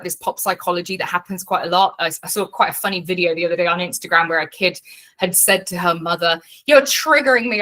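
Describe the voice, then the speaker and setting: A woman coaching a live online workshop in a casual, frank way, swearing freely and explaining things with lots of fillers. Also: fairly low pitch. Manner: animated teaching with fillers.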